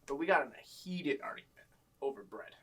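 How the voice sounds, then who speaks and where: A man's voice: mid-range voice, lively intonation, brisk, background noise. A young man casually telling work stories, acting out a boss and customers in a raised voice. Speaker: storyteller guest. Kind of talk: casual chat.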